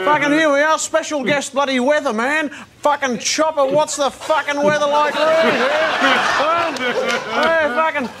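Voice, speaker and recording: Chopper, a man doing a swearing rough Aussie weatherman. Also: very high-pitched, fairly even intonation, measured pace, a crowd in the background. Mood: rowdy. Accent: Australian. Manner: swearing nonstop, jeering "eh?" asides. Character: foul-mouthed rough middle-aged male ex-crook weatherman. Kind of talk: comedy sketch. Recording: loud live audience laughter and noise.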